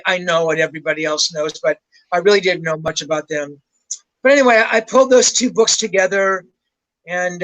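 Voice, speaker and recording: A man's voice: high voice, a bit bright, rough recording. An older man, a rock journalist and guest, telling rambling anecdotes in a casual way and swearing freely. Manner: rambling, swears freely, laughs at his own stories.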